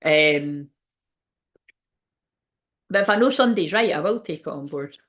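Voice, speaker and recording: A woman's voice: sits low, animated, normal speed, a bit bright. A woman, giving a casual, rambling tarot reading, swearing freely and laughing often. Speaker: tarot reader and medium.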